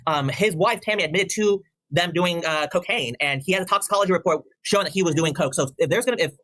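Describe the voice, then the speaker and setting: A man with a notably high voice argues his point quickly. He stops and restarts as he goes. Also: a bit bright. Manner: quick, halting argument with restarts. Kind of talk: casual chat.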